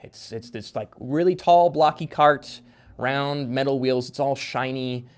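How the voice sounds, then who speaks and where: A man's voice: medium pitch, steady tone, unhurried. A man in casual podcast chat, a guest author explaining at length with lots of fillers and restarts. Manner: rambling, filler-heavy explaining.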